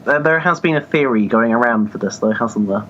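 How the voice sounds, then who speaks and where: A man's voice: medium pitch, brisk, fairly bright tone, slight background noise. Giggly male podcast co-host, slightly dull sound. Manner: laughs often, hesitant with fillers. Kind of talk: casual comic book discussion.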